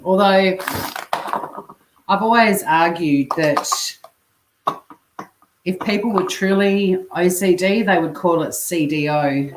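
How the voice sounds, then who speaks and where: A chatty Australian woman talks to her stream viewers while cooking, her voice sitting a little low. She swears freely and answers comments as they come in. The sound bounces around a roomy home kitchen, with a faint hiss behind it. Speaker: livestream host. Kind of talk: casual livestream chat while cooking.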